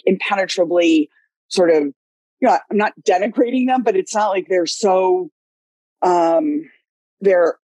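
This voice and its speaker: A woman's voice: mid-range voice, warm tone, slightly rough, no room sound. A woman, a legislative director, talking candidly in long winding sentences during a webinar discussion over a video call.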